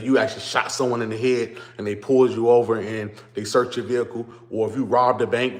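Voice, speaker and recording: A man streams casually to his viewers from a phone on a stand. He repeats his greetings again and again, then rants as he lays out his point. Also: lowish voice. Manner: repetitive greetings, then ranting explanation. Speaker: vlogger. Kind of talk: casual livestream talk to viewers.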